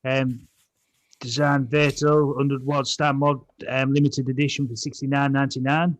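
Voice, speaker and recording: A man's voice: mid-range voice, level tone, moderate pace. A man co-hosting a podcast, reading out a list of deals and stumbling over product names. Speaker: podcast co-host.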